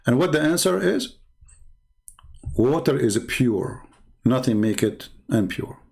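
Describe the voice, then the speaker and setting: A man's voice: mid-range voice, animated, slow pace, vocal fry, darkish tone. Sarcastic man rambling with fillers. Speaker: host of a call-in debate show. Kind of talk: casual mocking monologue.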